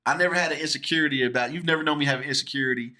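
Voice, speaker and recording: A man chats about an old film with his sister, telling animated stories and slipping into the voices of the people he quotes. His voice sits a little high and sounds bright. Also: very fast. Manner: animated storyteller who acts out quoted people. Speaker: host reviewing a classic film with his sister. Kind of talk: casual chat.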